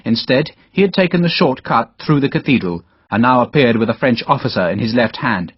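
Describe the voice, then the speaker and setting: Husky male audiobook narrator. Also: mid-range voice, expressive, brisk, no echo. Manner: dramatic storytelling, voices all characters. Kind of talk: scripted narration. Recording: dull, dry lo-fi audiobook recording.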